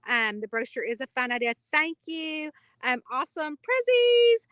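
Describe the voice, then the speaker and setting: A bubbly woman with a Kentucky twang hosts a casual live chat with her readers, talking in long, rambling stretches. Her voice sits a bit high and sounds bright and sharp. It is recorded close and dry. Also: normal speed, clear, resonant tone, dry recording. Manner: chatty, rambling, bubbly, reads out viewer comments.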